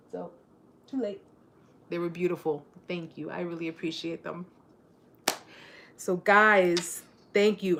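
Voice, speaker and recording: A woman's voice: medium pitch, a bit bright. Woman in her 40s, live-stream host, bubbly, jokey, laughs a lot, faint hiss behind. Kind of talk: casual live-stream chat.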